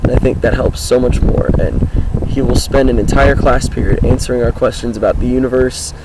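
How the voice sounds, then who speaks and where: A teenage boy talking casually outdoors about his life, with a groggy, hoarse voice and a rambling, upbeat manner. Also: medium pitch, fairly even intonation, a little fast, background noise. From Washington State, US. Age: teens. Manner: rambling, upbeat, many fillers. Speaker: high school student vlogger. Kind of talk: casual self-introduction vlog. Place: outdoors, sitting on his car.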